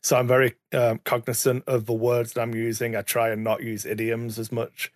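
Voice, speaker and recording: A man's voice: medium pitch, completely flat delivery, moderate pace, no echo. A man chatting casually as a podcast co-host, rambling and self-correcting, with the odd swear word. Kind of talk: casual chat. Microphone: studio mic, sometimes too far from it.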